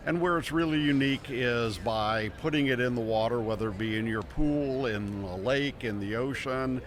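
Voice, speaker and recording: A man at a trade show, calmly explaining his fitness product to an interviewer in a steady, explanatory way. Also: medium pitch, normal speed. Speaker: inventor of fitness equipment. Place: busy home show floor indoors. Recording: crowded trade show floor. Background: crowd chatter.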